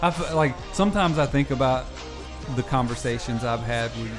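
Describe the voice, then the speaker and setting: A man's voice: medium pitch, normal speed. A man in his thirties co-hosting a podcast, rambling through stories, mocking himself and laughing as he goes. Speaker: tattoo shop owner and podcast co-host. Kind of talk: casual chat. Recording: background music playing.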